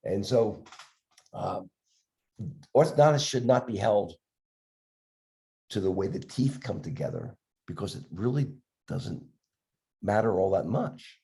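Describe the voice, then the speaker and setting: Older gravelly man telling animated stories. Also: fairly low pitch. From Philadelphia area, USA. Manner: animated, acts out voices in anecdotes, halting restarts. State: has a cough from a respiratory illness. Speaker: dentist guest. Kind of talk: storytelling podcast chat.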